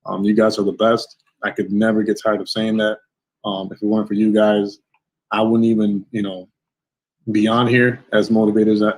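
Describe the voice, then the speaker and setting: A man's voice: lowish voice, poor audio. A man hosting a livestream interview, thanking and blessing his viewers effusively. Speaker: host. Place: home setup in Florida.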